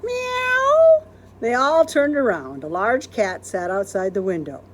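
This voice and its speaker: Expressive woman reading a children's story. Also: medium pitch, moderate pace. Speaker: children's librarian reading aloud. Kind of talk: storybook read-aloud.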